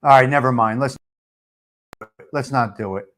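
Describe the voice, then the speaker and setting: A man's voice: mid-range voice, moderate pace, loud music behind the voice. A man hosting a live stream, answering viewer comments in a blunt, profane, repetitive rant. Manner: blunt and fired up. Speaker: live-stream show host.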